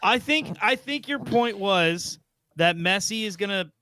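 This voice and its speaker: A man's voice: sits high, expressive, a little slow, pushed and bright, dry recording. A man hosting a casual soccer podcast, laid-back and joking. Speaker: podcast host.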